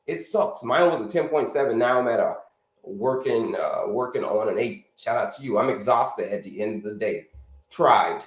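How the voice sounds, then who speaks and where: On a live health stream, a man chats casually, repeating himself, calling his audience "folks" and asking them to put answers in the chat. His mid-range voice has lively intonation at normal speed, and the audio is poor and roomy.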